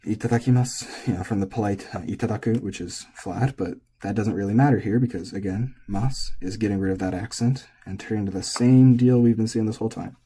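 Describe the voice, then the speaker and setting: A man teaching pitch in a relaxed, casual lesson, thinking aloud as he goes. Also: a little fast, few pauses, breathy edge. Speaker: language teacher.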